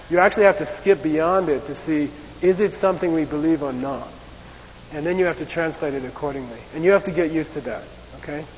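A man lecturing to a class in a raised voice that keeps checking in with the room. His voice sits a bit high and trails off into a long hall reverb. The recording is dull and lo-fi, with a faint hiss underneath. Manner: animated, repeats "okay?" and acts out debate voices. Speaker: teacher.

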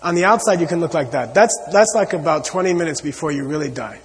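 A man's voice: fairly high pitch, animated, fast talker, big-room sound. A man giving an earnest spiritual talk to an audience, repeating his points and often saying "you know.". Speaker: Buddhist teacher.

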